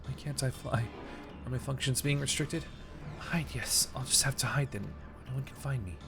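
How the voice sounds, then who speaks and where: A man's voice: mid-range voice, moderate pace, vocal fry, over music, voice pushed up, natural voice. A man voicing a frightened, girlish otherworldly female being, reading game dialogue in a raised, pleading tone. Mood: anxious.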